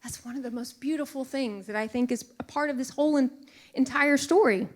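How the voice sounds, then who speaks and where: A middle-aged woman preaching a sermon in an earnest, emotional way, sometimes dropping to a hushed whisper for emphasis. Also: sits high, fairly quick.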